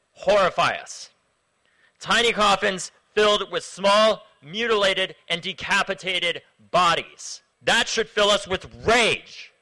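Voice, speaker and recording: A young man from Florida giving an impassioned speech to a rally crowd outdoors, his speech shifting between low, grave passages and loud chants that he leads. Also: low-quality recording. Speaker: activist speaker at a rally.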